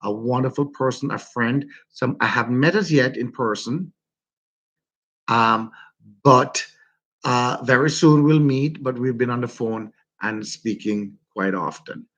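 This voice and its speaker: A man with a Jamaican accent, hosting a casual livestream and warmly greeting his viewers by name. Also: mid-range voice, measured pace. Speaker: livestream host.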